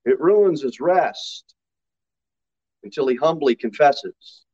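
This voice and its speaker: Pastor preaching a sermon. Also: male voice, expressive, slow pace, slightly rough. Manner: preaches with sudden loud high-pitched mock quotes. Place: church sanctuary. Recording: slightly dull lo-fi sermon recording.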